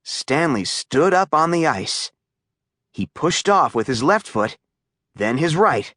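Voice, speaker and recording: A woman reads a children's story aloud in an unhurried way. Her pitch moves widely and expressively, and the recording is close and dry. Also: sing-song, a bit bright, no room sound. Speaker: audiobook narrator. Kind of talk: children's audiobook narration.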